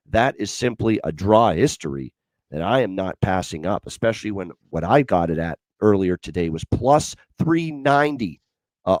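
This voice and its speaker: A man's voice: low voice, a little mellow, no echo. A man hosting a sports betting show, talking through picks with lots of fillers and repeated stats.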